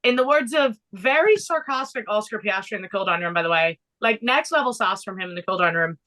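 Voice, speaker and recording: A young woman with an English accent, co-hosting a casual podcast chat, talking quickly and laughing often. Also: medium pitch, lively intonation, sharp tone. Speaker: podcast co-host.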